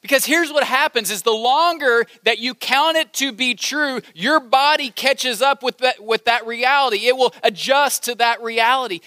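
A male preacher with a strikingly high, bright voice delivers an animated sermon, repeating phrases and leading the room in call-and-response. The sound is close and dry. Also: no echo. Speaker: campus ministry preacher. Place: large hall with balcony.

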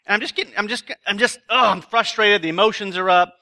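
A man's voice: high-pitched, fast talker, gravelly, pushed and bright. A man speaking at a retreat, telling self-deprecating stories in a chatty sermon to a live audience. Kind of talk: sermon with a humorous personal story. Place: live talk before an audience.

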